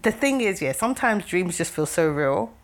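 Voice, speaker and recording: Animated laughing woman podcaster. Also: fairly low pitch, normal speed. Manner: animated, laughs often, acts out scenes loudly. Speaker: podcast co-host. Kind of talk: casual couple chat.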